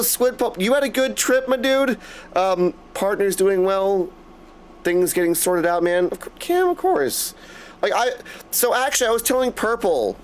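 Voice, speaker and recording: A young man hosting a live game stream in casual chat, effusive and greeting viewers by name. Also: fairly high pitch. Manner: chatty and effusive, greets viewers by name, keeps saying "my dude".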